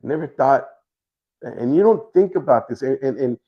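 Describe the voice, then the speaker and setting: A middle-aged man hosting a livestream, talking in a rambling, halting way with many restarts. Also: medium pitch, expressive. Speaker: livestream host. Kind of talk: casual livestream chat. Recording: dull lo-fi stream audio.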